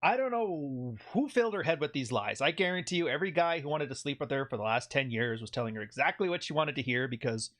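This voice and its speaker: A man from Canada hosting a commentary video, sarcastic and jokey, quick to laugh. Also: fairly high pitch, lively intonation, a bit bright.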